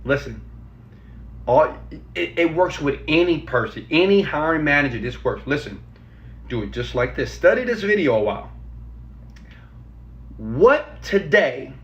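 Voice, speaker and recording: A man giving job interview tips as a motivational speaker, talking with animated emphasis, slowing down to stress key words and urging viewers to comment and give a thumbs up. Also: on the high side. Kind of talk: energetic motivational talk to camera. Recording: roomy, slightly dull recording.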